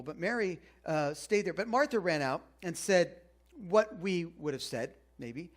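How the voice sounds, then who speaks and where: A man with a fairly high voice preaching to a congregation. He keeps it loose and chatty, stopping to ask his listeners questions. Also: expressive, a little slow. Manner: conversational, asks the congregation questions. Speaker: pastor. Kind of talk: sermon.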